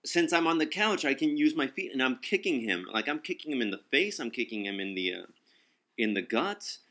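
A young man in casual talk, telling a story. He is animated, acts out quotes and swears freely. His voice sounds bright and tense. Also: mid-range voice, brisk.

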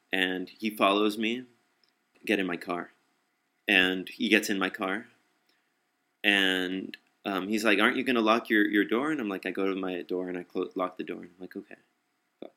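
A young man telling a personal story in casual talk, blunt and profane, often halting and restarting. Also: fairly low pitch, bright, forceful tone. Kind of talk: casual spoken anecdote.

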